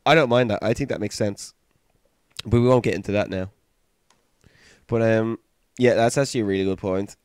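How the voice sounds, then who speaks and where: A man's voice: fairly low pitch, moderate pace, pauses often, smooth, dry recording. A British man co-hosting a podcast in casual chat, playful and teasing. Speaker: podcast co-host.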